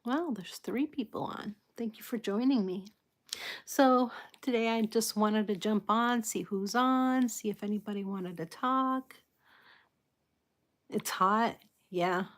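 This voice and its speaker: A woman hosting a casual live chat with her viewers, soft-spoken and apologetic, greeting people and laughing often. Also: medium pitch, takes it slowly. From United States. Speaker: livestream host.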